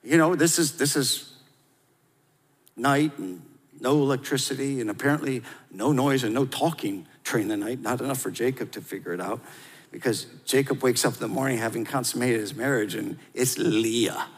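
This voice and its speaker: Lively preaching man in a reverberant hall. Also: medium pitch, moderate pace. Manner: lively, conversational, with audience call-and-response. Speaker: pastor. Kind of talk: sermon.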